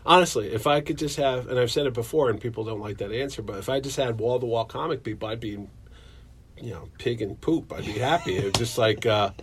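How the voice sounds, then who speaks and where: A man's voice: a little fast, a little hiss or hum. A man who runs a comic convention, chatting casually and acting out quotes from his stories. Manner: animated storyteller, acts out quotes in a higher excited voice. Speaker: convention promoter. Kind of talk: casual chat.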